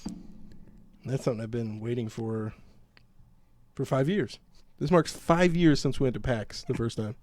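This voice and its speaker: A man co-hosting a gaming podcast in casual chat, reading headlines and riffing on them with jokes. His voice sits at an ordinary middle pitch. The sound is dry and close, with no room around it. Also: unhurried, long pauses, a little mellow, dry recording. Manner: joking, reads headlines and riffs on them. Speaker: podcast co-host.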